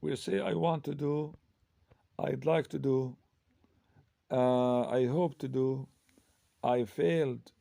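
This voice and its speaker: Slow, gravelly man teaching English grammar. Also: mid-range voice, mellow, no room sound. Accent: Arabic. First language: Arabic. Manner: slow, hesitant, with many fillers and self-corrections. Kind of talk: grammar lesson.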